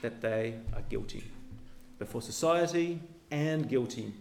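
A man preaching a sermon as pastor, earnest, with his voice dropping low and soft at the ends of phrases. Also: unhurried, gravelly, reverberant, a little hiss or hum. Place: church.

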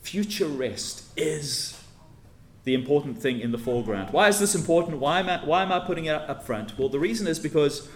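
Teacherly preacher in an echoey hall. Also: male voice, a little high, expressive, fairly quick. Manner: teacherly, emphatic, stresses key words. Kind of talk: expository sermon. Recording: echoey room with faint ambience.

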